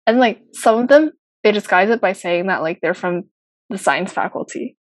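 A woman's voice: medium pitch, animated, normal speed, no room sound, rough recording. A young woman co-hosting a casual podcast, chatty and giggly, with lots of fillers. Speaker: podcast co-host. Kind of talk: casual chat.

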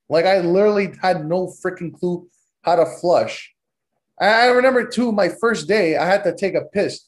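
A young man with a high voice hosts a podcast at a moderate pace. He tells profane, rambling stories in a loose, joking, casual way.

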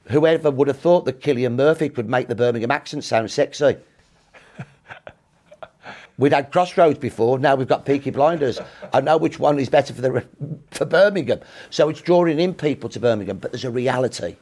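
A man's voice: medium pitch, normal speed, a little mellow. A man in his sixties, a historian guest telling history in emphatic, punchy short clauses during an interview.

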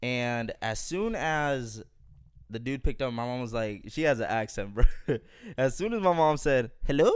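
A man's voice: mid-range voice, lively intonation, measured pace, clear, resonant tone. A young man hosting a casual podcast, telling stories in a loose, profane, laughing way. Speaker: podcast host.

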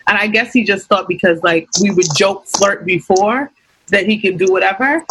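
A woman's voice: mid-range voice, moderate pace, background noise. A young woman telling a personal story in casual chat, acting out what others said. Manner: candid storytelling, acts out quotes.

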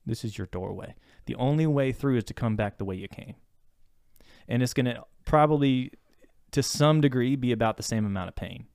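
Reflective man with a smooth voice. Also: medium pitch, moderate pace, a little mellow, dry recording, clean studio sound. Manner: reflective and searching, circling back with restarts. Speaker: therapist and podcast co-host. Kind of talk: casual podcast conversation.

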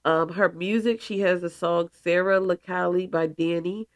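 A woman's voice: on the low side, steady tone, moderate pace, no room sound. A woman hosting a spiritual podcast in casual, emphatic talk with playful asides. She is stuffy and congested. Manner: emphatic, playful asides, calls listeners goddesses.

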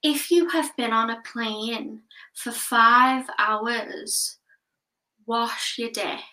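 Slow, bright-voiced woman doing stand-up. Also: fairly high pitch. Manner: deadpan storytelling with crude punchlines. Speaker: stand-up comedian. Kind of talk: stand-up set. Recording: roomy echo from a distant mic.

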